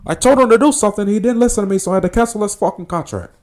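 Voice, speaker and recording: A brash, high-strung gangster boss, as a man puts him on for a laugh. The voice jumps up shrill and loud, rattling off excuses in a quick, blustering film-impression style. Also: lightly acted. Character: brash excitable male drug lord, loud, high-strung.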